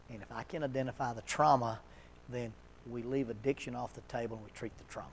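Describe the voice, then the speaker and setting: A man's voice: medium pitch, a little hiss or hum. Man, addiction counselor, church seminar talk, conversational, anecdotal, chuckling, faint room ambience. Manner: conversational, storytelling, chuckles often.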